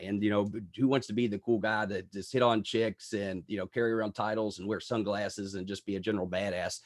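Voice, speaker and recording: Man from the US, podcast co-host, low voice, dry close sound, earnest rambling talk. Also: fairly even intonation, brisk, hardly any pauses, dry recording. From United States. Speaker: podcast co-host, wrestling reviewer. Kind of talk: casual podcast review chat. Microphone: video call setup.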